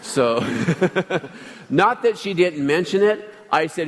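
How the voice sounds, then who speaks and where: A man's voice: on the high side, sing-song, slow, big-room sound. A man preaching a sermon as pastor, telling a personal story in a chatty way and asking the congregation questions.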